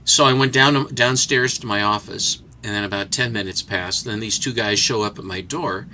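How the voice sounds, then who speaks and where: Bright-voiced man telling a lively story. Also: lowish voice, moderate pace, a little hiss or hum, low-quality recording. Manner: animated storyteller who acts out characters. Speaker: guest telling stories. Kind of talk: casual anecdote.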